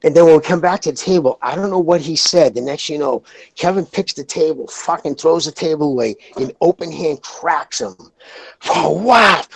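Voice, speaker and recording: A man, hosting a podcast and telling rambling, profane stories in a casual, animated way. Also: a little high, moderate pace, gravelly, husky, low-quality recording. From Lowell, Massachusetts. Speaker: podcast host. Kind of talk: casual chat, storytelling.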